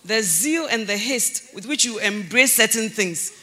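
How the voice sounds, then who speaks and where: Preaching a little slowly, a woman pastor stays animated and laughs a lot. She shouts for emphasis, then drops down to a low, sincere voice.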